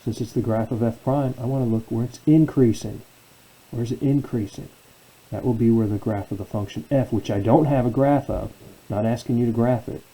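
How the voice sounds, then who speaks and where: Dark-voiced man lecturing on calculus. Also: mid-range voice, fairly even intonation, a little fast, low-quality recording. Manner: asks questions and answers them himself. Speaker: math professor.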